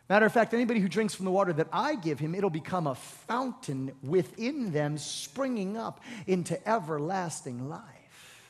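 A male pastor preaching a sermon, retelling a story in a conversational, animated way. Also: high-pitched, moderate pace, few pauses, slightly rough, in a large hall.

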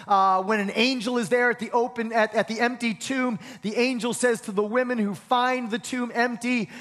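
A man preaching a sermon, animated, repeating key phrases and leading his congregation in call-and-response. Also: very high-pitched, moderate pace.

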